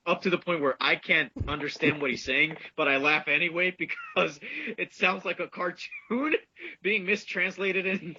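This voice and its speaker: A man co-hosting a podcast in casual chat, animated and laughing as he talks. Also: a little high, a little hiss or hum. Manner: animated, laughs while talking. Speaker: podcast co-host. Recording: dull lo-fi dry audio.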